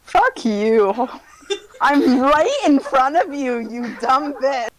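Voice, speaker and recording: A woman's voice: sits high, expressive, extremely slow, poor audio. A woman player talking bluntly and teasing friends, swearing freely. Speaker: tabletop game player. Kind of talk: casual out-of-game chat.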